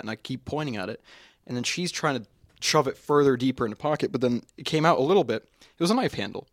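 Young male podcast host, animated storyteller, dry close sound, casual profanity. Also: medium pitch, brisk, dry recording. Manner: animated storyteller acting out quotes, swears a lot.

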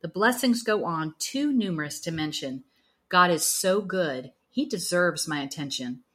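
A woman hosting a Christian talk show, speaking in a measured way and reciting verse. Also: fairly low pitch, expressive, fairly bright tone, breathy edge. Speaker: host.

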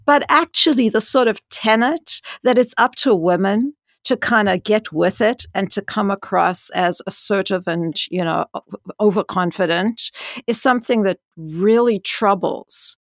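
A woman's voice: medium pitch, measured pace, no echo, studio quality. A woman scientist speaking frankly and emphatically in a conversational interview. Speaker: senior scientist.

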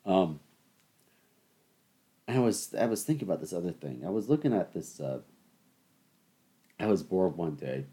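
A man's voice: low voice, sing-song, normal speed, long pauses, mellow, breathy edge. A young man hosting his own show, telling rambling stories and talking straight to his listeners in a casual, joking way. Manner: chatty, rambling, addresses listeners as people. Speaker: podcast host. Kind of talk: solo comedic rant.

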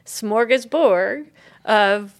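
A woman's voice: medium pitch, very slow. A woman co-hosting a podcast, telling a researched story in a casual, rambling way with lots of fillers. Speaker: podcast co-host presenting research. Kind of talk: casual chat.

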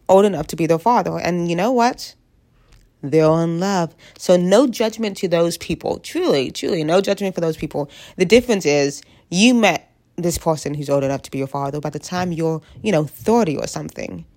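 A woman's voice: fairly low pitch, a little mellow. A woman of twenty with a stuffy head cold, ranting candidly and bluntly to camera, swearing freely as she rambles. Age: 20s. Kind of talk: candid vlog rant.

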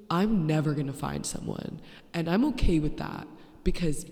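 A woman's voice: low voice, moderate pace, mellow. Blunt, sarcastic young woman podcaster, echoey. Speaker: podcast host. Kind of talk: casual storytelling monologue. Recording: echoey, poorly placed handheld mic.

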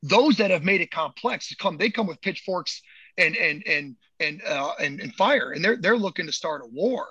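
A man with a high, sharp, forceful voice speaks in a casual podcast chat. He is emphatic and swears freely, stumbling over repeated words as he pushes his point. The sound is dry and a little dull, with a lo-fi edge. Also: lively intonation, moderate pace, husky, no room sound. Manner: emphatic, profane, repeats words when fired up. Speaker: movement coach.

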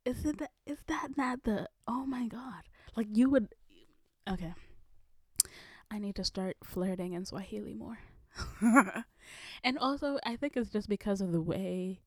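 A young woman from Kenya tells a story to her camera in an unhurried, chatty vlog style. She talks slowly and often drops into a breathy whisper for effect. The sound is dry and close, with no room echo. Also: mid-range voice. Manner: animated, dips into breathy whispers. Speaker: vlogger.

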